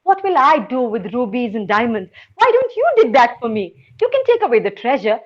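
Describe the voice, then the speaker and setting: Woman doing a generous talking tree, high, friendly, storybook tale, lo-fi. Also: sing-song, fairly quick. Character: generous, stunted old tree.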